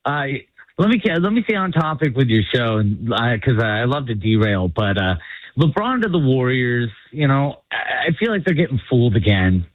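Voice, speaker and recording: A man's voice: mid-range voice, sing-song, moderate pace, dry recording. A man calling into a sports radio show from the San Francisco area, friendly and rambling, saying "you know" often. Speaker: caller. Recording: tinny phone line.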